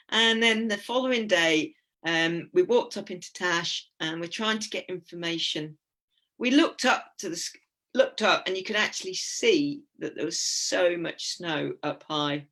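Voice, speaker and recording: A woman's voice: lowish voice, fairly bright tone. Chatty English woman telling stories. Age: 50s. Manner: chatty, giggly storytelling. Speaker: guest speaker at a club talk. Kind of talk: anecdotal talk with slides.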